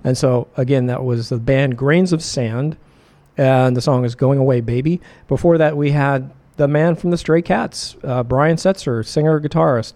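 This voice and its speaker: A man talks through the songs he has just played on his radio show, rambling, backtracking and filling gaps with pauses. His voice sits at an ordinary pitch with a dark, mellow tone, and he keeps hiccuping as he speaks. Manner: rambling, self-correcting with many filler pauses. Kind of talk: casual radio show back-announcing.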